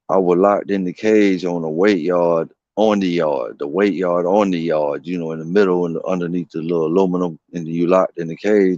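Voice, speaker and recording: A man's voice: low-pitched, darkish tone, no echo. A man streaming from home, telling a long, rambling story in casual, slangy, profane talk. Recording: dull, dry lo-fi stream audio.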